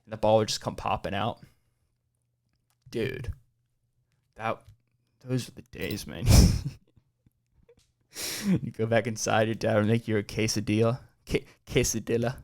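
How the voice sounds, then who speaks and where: A man's voice: fairly low pitch, fairly even intonation, a little slow, vocal fry, pauses often, a little mellow. A man in his twenties hosting a podcast, telling loose, profane childhood stories in a laid-back way, peppered with man and dude. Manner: rambling, profane storytelling. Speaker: podcast host. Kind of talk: casual chat.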